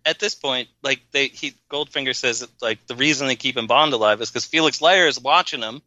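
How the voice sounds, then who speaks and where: A man with a bright, forceful voice, wry and quick to act out other people's lines. The sound is dry and a bit dull, like a close podcast mic with no room around it. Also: medium pitch, no room sound. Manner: wry, acts out quoted lines. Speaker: podcast co-host. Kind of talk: casual film discussion.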